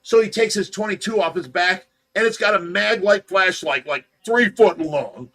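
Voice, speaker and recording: A man hosting a livestream, telling a story in a casual, animated way and acting out the voices. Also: high voice, normal speed. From United States. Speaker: livestream host of a fish rescue.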